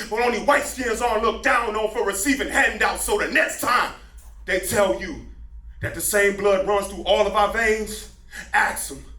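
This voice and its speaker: High-voiced man at a poetry slam. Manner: intense, building to shouted lines. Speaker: spoken word poet. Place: live venue, room with audience. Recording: echoey live room from far off.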